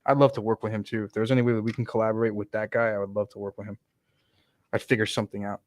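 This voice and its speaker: A man chatting casually on a livestream about building PCs and racing, excitable and talkative. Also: fairly low pitch, very fast. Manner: excitable, chatty, laughs often.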